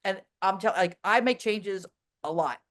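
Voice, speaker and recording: A woman at a middle pitch talks frankly and lively in a casual interview. She tells anecdotes in a quick stream, loaded with fillers and restarts. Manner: blunt, animated storyteller with many "like" fillers. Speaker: interview guest.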